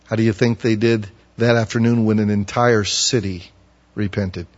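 A man's voice: lowish voice, fairly even intonation, normal speed. Man preaching in a reverberant hall. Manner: acts out quoted prophets in loud, pleading bursts. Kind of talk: sermon. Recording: muffled audio with long hall reverb.

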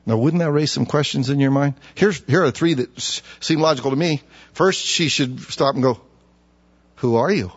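Husky male preacher, fairly high voice, emphatic rhetorical questions, lo-fi recording. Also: moderate pace. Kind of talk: expository sermon. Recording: dull lo-fi recording.

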